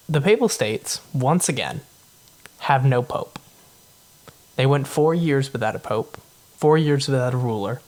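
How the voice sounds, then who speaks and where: A man casually retelling history as a podcast host, playful and conversational. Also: mid-range voice. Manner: conversational, playful, acts out quotes. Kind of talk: casual comedic history storytelling.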